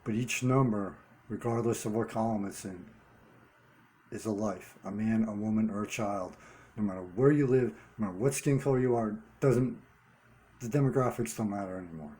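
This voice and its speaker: A man talking straight to his viewers in an unscripted monologue, earnest and halting, repeating key words for emphasis. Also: lowish voice, warm tone. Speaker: vlogger running a one-person channel.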